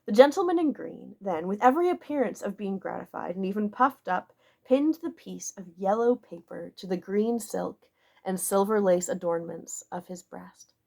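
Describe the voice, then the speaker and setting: A woman narrating a classic novel in a measured, expressive way. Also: medium pitch, gravelly. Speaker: audiobook narrator.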